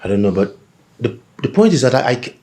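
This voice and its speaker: An actor playing a jealous, insecure young man who stammers and hesitates, in a film scene with soft music. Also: mid-range voice, sing-song, fast talker. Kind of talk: Nollywood film acting.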